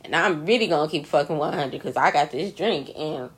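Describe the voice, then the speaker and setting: A woman's voice: sits low, lively intonation, brisk, breathy edge. A woman hosting her own podcast, delivering a profane, incredulous solo rant full of emphatic repetition. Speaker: podcast host.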